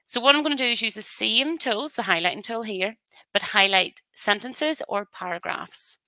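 Woman demoing software on a headset. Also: a little high, moderate pace, dry recording. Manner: chatty, explanatory, practical asides. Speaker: software trainer. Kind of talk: webinar software demo.

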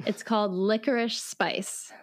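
A woman's voice: mid-range voice, steady tone, a little slow, dry recording, studio quality. A young woman co-hosting a podcast, chatting casually and laughing often. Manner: giggly, chatty. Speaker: podcast co-host. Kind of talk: casual chat.

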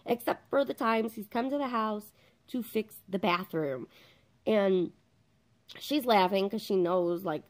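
A woman in her thirties casually telling a funny story at home, chatty, swearing freely and acting out what everyone said. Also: lowish voice. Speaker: vlogger.

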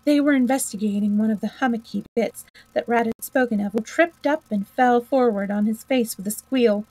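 A woman reading a classic children's book aloud in a steady, measured way. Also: fairly high pitch, dry recording, poor audio. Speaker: storyteller.

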